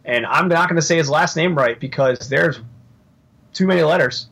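A man co-hosting a podcast in casual chat, rambling and joking as he thinks out loud. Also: a little high, moderate pace, gravelly, husky. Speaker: podcast co-host.

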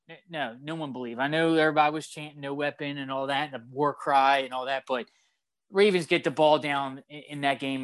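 A young man co-hosting a sports podcast, animated and fast-flowing as he retells a game and acts out his own shouting at the TV. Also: on the high side, no echo. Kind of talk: casual sports talk.

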